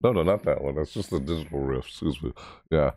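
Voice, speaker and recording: A man hosting a casual reaction video, rambling excitedly about a game trailer. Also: fast talker, no room sound, studio quality. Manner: excitable, rambling, mimics game voices in high yelps.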